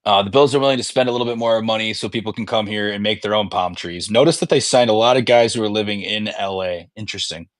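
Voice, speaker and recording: A man's voice: lowish voice, fast talker, hardly any pauses, no room sound. A man co-hosting a casual sports podcast, telling rambling stories full of swearing. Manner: profane, rambling storyteller. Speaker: podcast co-host.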